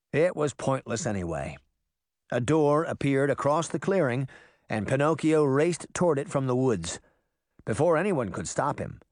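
In a studio-quality recording with no echo, a man reads a children's fantasy novel aloud as a scripted audiobook. He tells the story expressively, with varied pitch.

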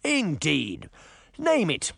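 A man voicing a gruff, greedy male pirate captain in an audiobook, growling and menacing. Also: fairly high pitch, huge pitch swings, extremely slow, a bit bright, dry recording, studio quality, heavily acted. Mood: gloating. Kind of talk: audiobook character voice.

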